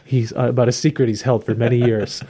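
A man hosting a podcast, retelling a story in an enthusiastic, animated way in casual chat. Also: medium pitch, quick pace. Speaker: podcast host.

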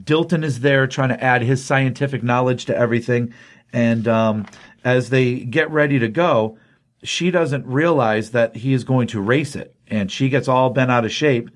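On his comics podcast, a man talks his way through a storyline in a meandering, filler-laden style. The voice is average in pitch, the pace moderate, and the mood easygoing yet enthusiastic.

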